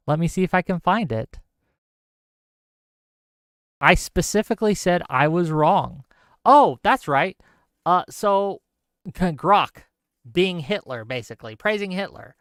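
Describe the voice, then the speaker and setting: A man's voice: fairly high pitch, lively intonation, measured pace, pauses often, a bit bright, no room sound, studio quality. A man hosting a live stream, ranting casually and sarcastically while reading out viewer comments.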